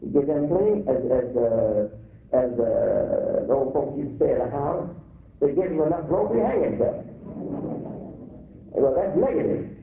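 A man's voice: medium pitch, animated, normal speed, creaky, long pauses. A man with an African American accent preaching a sermon, repeating phrases with rising emphasis. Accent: African American English. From United States. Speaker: imam. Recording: echoey room over a phone-like line.

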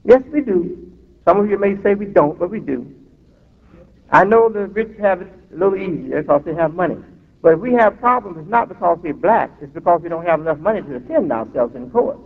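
Through a tinny recording echoing in a reverberant hall, a male imam preaches with emphatic, drawn-out phrasing and occasional asides. His voice sits high with lively intonation.

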